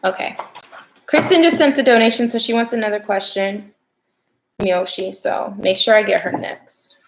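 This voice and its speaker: A woman's voice: medium pitch, expressive, normal speed, slight background noise. Chatty young woman reading tarot. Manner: chatty, playful, talks straight to viewers. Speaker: tarot reader. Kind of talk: casual livestream tarot reading.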